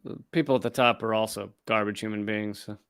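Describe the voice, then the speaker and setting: A man's voice: fairly low pitch, steady tone, a little fast, fairly bright tone, smooth, dry recording, studio quality. A man co-hosting a podcast, talking in a blunt, profane, sardonic way. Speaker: podcast co-host. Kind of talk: casual podcast chat.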